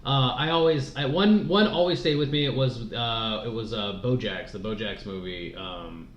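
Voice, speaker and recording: A man's voice: medium pitch, normal speed. A man co-hosting a podcast, chatting casually in a rambling, profane way. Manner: rambling, profane, laughs often. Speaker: podcast co-host. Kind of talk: casual chat. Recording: echoey, dull room audio with faint noise.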